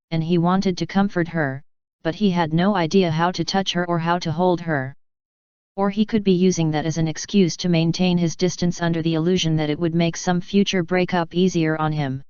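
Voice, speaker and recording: A woman reading fanfiction aloud in a measured storybook narration. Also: on the low side, smooth, no room sound. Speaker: fanfiction reader. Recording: dull lo-fi.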